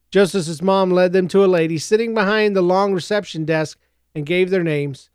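A male narrator reading a story with a steady, even delivery. His voice is high for a man and smooth, and the recording is close and completely dry. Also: no echo. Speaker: audiobook narrator.

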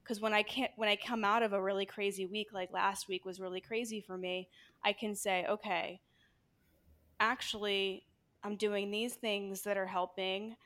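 A woman's voice: medium pitch, level tone, moderate pace, fairly bright tone. A woman who works as a ketamine nurse and yoga teacher, a podcast guest speaking candidly in loose, run-on phrases and swearing casually. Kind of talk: casual conversational interview.

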